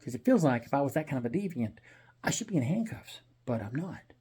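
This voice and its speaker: A man's voice: mid-range voice, very animated, quick pace, warm tone, husky. A man telling a personal story in a casual, blunt, profane and rambling way.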